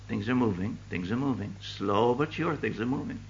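An older man preaching a sermon with fervent delivery, swinging from loud declaiming to hushed asides. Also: lowish voice, animated, normal speed, hardly any pauses, dull audio, slight background noise.

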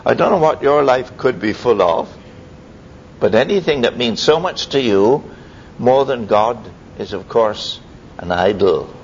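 A man preaching a sermon, telling stories in a lively way with sudden high exclamations. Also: measured pace. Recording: dull lo-fi recording with faint rumble.

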